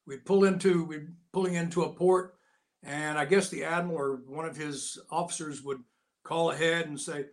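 An older man, a guest, telling lively personal stories in casual talk and acting out the voices of people in them. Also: on the high side, normal speed. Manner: lively anecdotal, acts out quotes. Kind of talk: casual storytelling.

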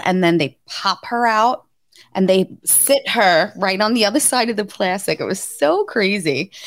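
Animated woman telling a story, dry mic. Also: dry recording. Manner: animated storyteller, acts out quotes with sudden high pitch. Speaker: podcast co-host. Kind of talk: casual chat, telling a birth story.

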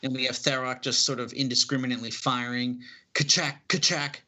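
A man's voice: medium pitch, completely flat delivery, fast talker, bright, forceful tone, slight background noise. A man casually reading through a comic book and describing its panels, hesitant and full of fillers. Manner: rambling, hesitant, many fillers.

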